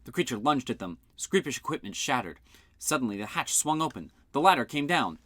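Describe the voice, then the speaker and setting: A man's voice: brisk, no echo. A man reading a fan-made audiobook, narrating expressively and switching into character voices. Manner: expressive, voices the characters with shouts and big pitch jumps.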